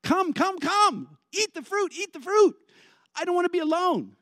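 A man's voice: very high voice, animated, moderate pace, a bit bright, dry recording, studio quality, pitched above the performer's own voice. A man voicing Eve as a panicked young woman who keeps repeating herself and begs for company. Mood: panicked, pleading.

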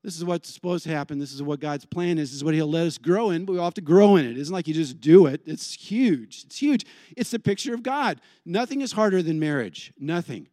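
A man preaching a sermon in a lively, conversational way, putting questions to the congregation. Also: a little high, fast talker, few pauses, no echo, clean studio sound. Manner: animated, conversational, asks the crowd questions. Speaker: pastor.

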